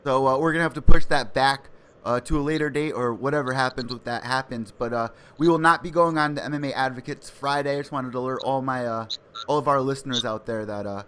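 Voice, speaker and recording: An American man hosting a casual sports podcast, eager and excitable. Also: medium pitch, fast talker, clear, resonant tone. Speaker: podcast host.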